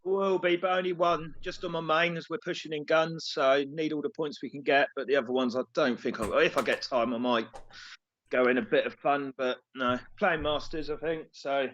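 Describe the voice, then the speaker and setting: A relaxed man with a southern English accent, chatting as a guest. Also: a little high, moderate pace, lo-fi sound. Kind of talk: casual chat over a call.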